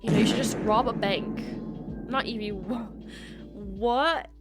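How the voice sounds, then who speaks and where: A woman's voice: on the high side, a little slow, music in the background. Chatty joking young woman streamer. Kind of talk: casual live-stream chat.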